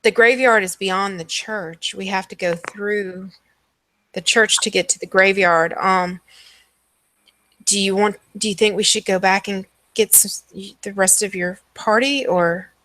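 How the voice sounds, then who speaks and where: A woman narrating a tabletop game as dungeon master, unhurried and descriptive, with frequent ums. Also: medium pitch, fairly even intonation, fairly bright tone, dry recording.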